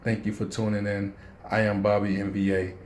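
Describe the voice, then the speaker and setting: A man's voice: fairly low pitch, level tone, brisk, a little mellow, roomy sound, slight background noise. A man, telling a personal story and speaking to parents in a casual, earnest vlog. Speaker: vlogger.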